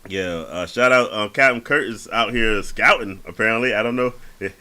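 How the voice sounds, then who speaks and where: A man's voice: lowish voice, moderate pace, bright, forceful tone. A man hosting a casual sports podcast, laid-back and slangy, often restarting his words. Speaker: podcast host.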